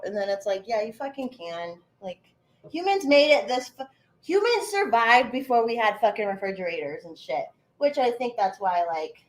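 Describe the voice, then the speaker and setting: A woman in her thirties chatting casually while baking in her kitchen, answering her live chat by name and swearing freely. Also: mid-range voice. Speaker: livestream host. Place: home kitchen.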